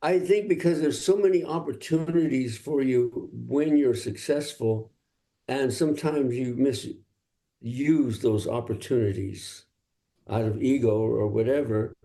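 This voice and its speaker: Older guy from LA, gravelly low voice, easygoing stories, laughs a lot. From Los Angeles. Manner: relaxed storytelling, laughs often. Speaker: guest singer-songwriter. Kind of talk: casual interview talk.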